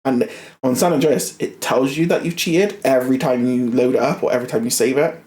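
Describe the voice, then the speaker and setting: Brisk and mid-range, a young man's voice echoes around the room as he rants casually while gaming. He's a streamer who gets animated, swears frequently, repeats himself and fumbles his words.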